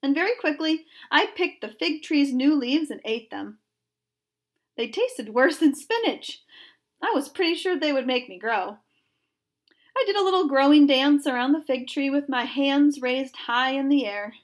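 A woman teacher reading a children's story aloud in an expressive storytelling manner. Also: sits high, a little slow.

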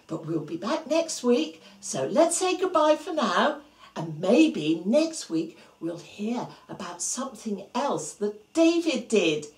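A woman presenting a preschool Bible story, speaking gently and playfully to a young child. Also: mid-range voice, reverberant, rough recording. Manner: gentle, animated, talking to a toddler.

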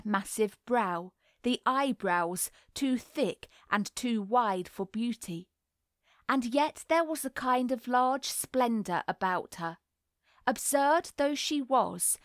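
A woman narrating a classic novel in a measured, deliberate reading voice. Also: on the high side, no echo, clean studio sound. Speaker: audiobook narrator. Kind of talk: scripted literary narration.

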